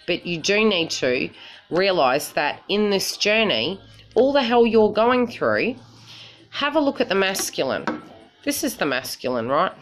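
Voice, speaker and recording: A woman's voice: sits low, background noise. A woman psychic reader talking casually to her viewers, blunt and frank, swearing and often asking "right?" to check they follow. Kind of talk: casual spiritual talk to viewers.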